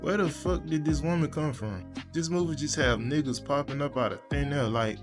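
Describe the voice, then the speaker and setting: A man's voice: on the high side, moderate pace, over music. A young man reviewing a movie in a casual, crude and sarcastic manner, full of profanity. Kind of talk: casual video commentary.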